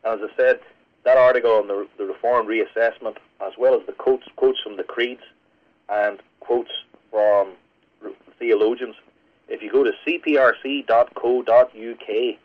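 A man from Northern Ireland, a pastor, speaking as a radio interview guest in a fast, earnest teaching manner. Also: fairly low pitch. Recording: lo-fi radio broadcast.

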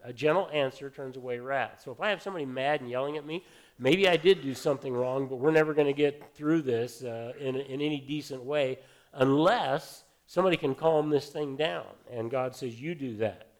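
A middle-aged male pastor preaching in a loose, conversational way, telling stories from his own life between verses. His voice sits at an ordinary mid pitch, and he fills pauses with easy "uh"s. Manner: conversational, anecdotal preaching with frequent fillers. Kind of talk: sermon.

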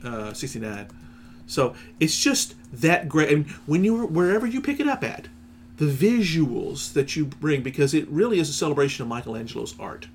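A man chatting on a podcast, throwing in quick quips and agreement. His voice sits on the high side for a man and swings up and down with lots of life, over a faint background hiss. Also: big pitch swings. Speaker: podcast co-host. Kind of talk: casual chat.

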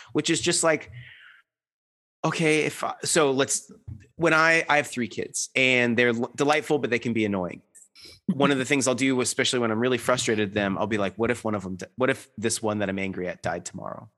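A man's voice: mid-range voice, fairly bright tone. A man in his thirties talking in an earnest, rambling way, full of restarts and fillers, as a guest in a reflective conversation.

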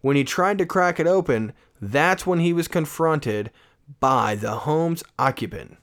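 A man's voice: fairly high pitch, expressive, a little slow. A man co-hosting a casual podcast, reading odd news stories aloud and breaking off into joking asides. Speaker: podcast co-host.

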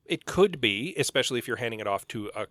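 A man co-hosting a casual book podcast, thinking out loud with the odd "uh" and "like". His voice is bright and forward, recorded close and dry with no room sound. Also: medium pitch, animated, fast talker, no echo. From Canada. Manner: musing, thinks aloud with fillers. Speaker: podcast co-host. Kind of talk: casual book club chat.

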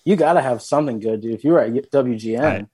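A man hosting a podcast, chatting casually and relaxed, with a lot of "like". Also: medium pitch, fast, husky, no echo. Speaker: podcast host. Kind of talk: casual chat.

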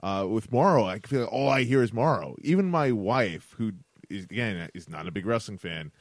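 Man, fairly low voice, halting and repetitive, dry close mic, casual podcast chat. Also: lively intonation, dry recording. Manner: halting, repeats words while thinking. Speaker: podcast co-host.

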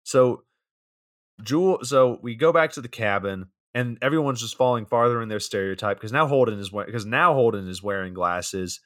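A man's voice: medium pitch, moderate pace, fairly bright tone, dry recording. A man co-hosting a podcast, casually retelling a horror movie's scenes with dry jokes. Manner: laid-back, dry joking, retelling scenes. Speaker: podcast co-host. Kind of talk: casual movie recap chat.

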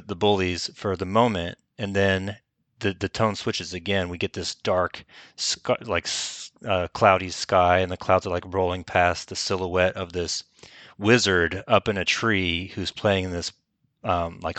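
A man's voice: sits low, fairly bright tone, dry recording. A man co-hosting a casual chat, recapping a film in rambling stretches full of fillers. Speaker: podcast co-host.

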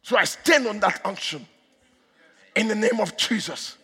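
A male preacher delivering a fervent sermon with commanding declarations, in a husky voice. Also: sits high, a little slow, pushed and bright. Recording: echoey hall.

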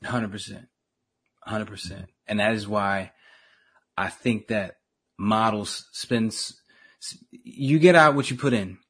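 A man co-hosting a casual talk show, animated and slangy, often trailing off and restarting. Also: on the low side, slow pace, breathy edge. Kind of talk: casual chat.

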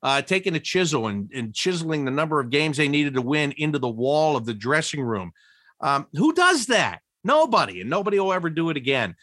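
A man telling old team stories in an interview, laughing often and jumping high in pitch when he quotes people. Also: quick pace, hardly any pauses, no room sound, studio quality. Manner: animated, laughing storyteller with big pitch jumps when quoting. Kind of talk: storytelling interview.

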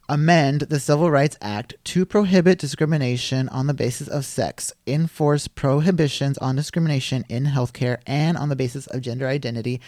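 A man's voice: medium pitch, mellow, dry recording. A man hosting a casual podcast chat, laughing often and reading news items aloud from a studio. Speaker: podcast host. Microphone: studio microphone.

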